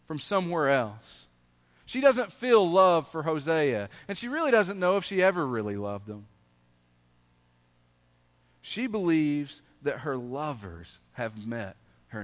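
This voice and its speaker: Male pastor in his thirties, voice pitched a little high; preaches dynamically with loud-and-soft swings. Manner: reads scripture aloud with slow, drawn-out emphasis. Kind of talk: sermon.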